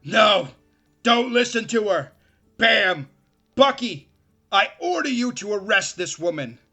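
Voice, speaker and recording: A man voicing a scheming male mayor who shouts and pleads in high, strained outbursts. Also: sing-song, slow pace, creaky, husky, faint music behind, heavily acted. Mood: frantic. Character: scheming male mayor, panicking when exposed.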